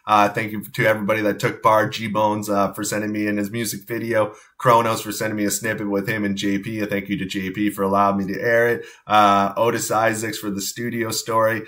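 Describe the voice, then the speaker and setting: A man's voice: lowish voice, flat delivery, a little fast, hardly any pauses, fairly bright tone. A man hosting an independent hip hop show, talking in a laid-back, rambling way with many fillers. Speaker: host. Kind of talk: casual show talk.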